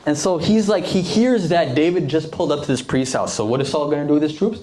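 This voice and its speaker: A man's voice: fairly high pitch, quick pace, darkish tone. A young man preaching a casual sermon to a youth group, slangy and conversational, acting out the characters.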